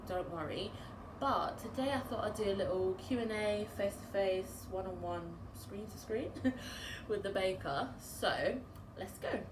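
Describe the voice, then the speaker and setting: A bubbly, chatty woman with a British accent, hosting a casual baking vlog Q&A. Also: medium pitch. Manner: bubbly, chatty, laughs often. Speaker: home baker and vlogger. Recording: roomy echo with background noise.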